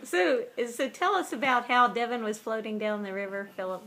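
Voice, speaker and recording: A woman's voice: fairly high pitch, expressive, normal speed, fairly bright tone. A woman casually interviewing two people and prompting them with curious questions.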